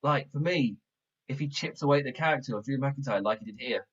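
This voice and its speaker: A man hosting a podcast in a casual, rambling way, excitable and often breaking into laughter. His voice sits in a middle register. The sound is muffled and lo-fi, as if caught on a backup mic. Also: medium pitch, quick pace. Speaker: wrestling podcast host. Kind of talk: casual show review.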